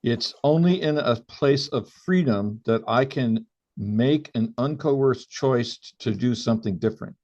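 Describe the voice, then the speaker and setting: A man hosting a podcast, speaking reflectively and haltingly with many restarts. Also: mid-range voice, a little mellow. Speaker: podcast host. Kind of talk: podcast conversation. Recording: dull lo-fi sound.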